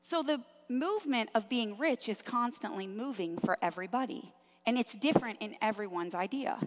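A middle-aged woman pastor preaching a lively sermon in a church, drawing amens from the congregation. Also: fairly high pitch, moderate pace, long reverb tail. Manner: lively, engaging the congregation with call-and-response. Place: church sanctuary. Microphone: handheld or clip microphone.

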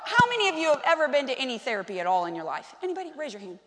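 A woman preacher giving an animated, conversational sermon and putting questions to her congregation. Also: high-pitched, racing, hardly any pauses. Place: church hall. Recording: long hall reverb.

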